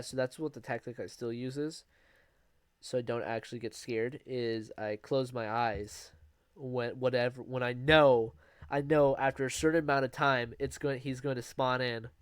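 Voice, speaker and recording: A man's voice: medium pitch, clear, resonant tone, no echo. Keep it loose and rambling, a young man telling his own story in a dry, close room. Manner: rambling, with fillers and restarts, laughing at himself. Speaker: vlogger. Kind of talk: casual storytelling.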